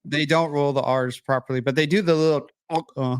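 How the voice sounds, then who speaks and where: A man co-hosting a podcast who trades dry, deadpan wisecracks in casual banter. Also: a little high, fairly quick, smooth, no echo. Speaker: podcast co-host.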